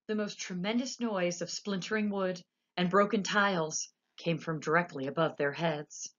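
A woman narrating a children's story with an expressive, animated reading. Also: fairly low pitch, normal speed, muffled recording. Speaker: audiobook narrator.

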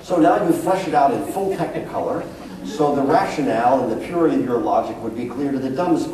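A man's voice: mid-range voice, lively intonation, fairly quick, a crowd in the background. A man, a psychologist, giving a talk to parents, telling anecdotes and acting out the quotes in them. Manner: anecdotal storytelling, acts out quotes. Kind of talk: public talk to an audience. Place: school hall. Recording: echoey hall, voice from far off.

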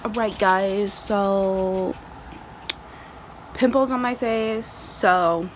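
A woman's voice: medium pitch, drawn-out words, a little hiss or hum, rough recording. A young adult woman chatting casually to her vlog camera at home and in her car, rambling with lots of fillers like "um" and "like". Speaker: vlogger. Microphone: handheld phone.

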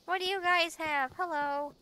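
A woman casually commenting while she plays a game, chatty and excitable, often giggling. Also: very high voice, normal speed, slight background noise. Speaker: gameplay channel host. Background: game music.

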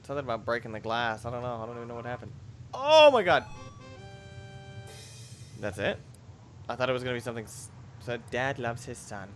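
A young man doing let's play commentary, reacting loudly with sudden shouts and laughs. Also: medium pitch, animated, brisk, long pauses, faint music behind. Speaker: gameplay commentator.

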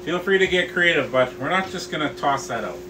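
A man's voice: fairly high pitch, lively intonation, a little fast, noisy background. A middle-aged man hosting a live cooking tutorial, explaining each step in a friendly way and calling his viewers guys. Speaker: barbecue instructor and host.

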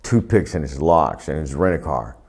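A retired wrestler telling profane, laughing stories in a sit-down interview, recorded on a lapel mic indoors. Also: male voice, rumbling low, normal speed, husky. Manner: profane, laughing, animated anecdotes. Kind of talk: storytelling shoot interview.

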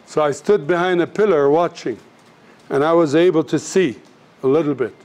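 A man's voice: a little high, normal speed, pauses often, a little mellow. A man teaching a class, speaking earnestly and directly to his students, telling stories and acting out the people in them. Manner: storytelling, acts out voices in anecdotes. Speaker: missions teacher.

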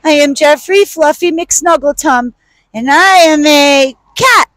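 A woman's voice: sits high, takes it slowly, fairly bright tone, no echo, voice pushed up. A woman voicing a small house cat who boasts that he is a fierce tiger, with exaggerated roaring. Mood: boastful.

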